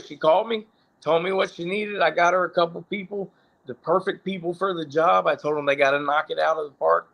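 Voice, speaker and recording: Casting: gravelly, fairly high-voiced middle-aged man, profane and rambling. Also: brisk, fairly bright tone. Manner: rambling, profane, self-correcting. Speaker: interview guest, former pro wrestler. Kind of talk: casual storytelling.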